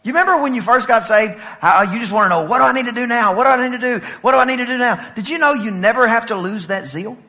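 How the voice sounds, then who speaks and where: A man from East Texas with an East Texas accent, preaching a lively sermon and telling playful stories to his congregation. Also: very high voice, fast, few pauses. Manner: animated, playful storytelling with laughs and shouts. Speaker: pastor.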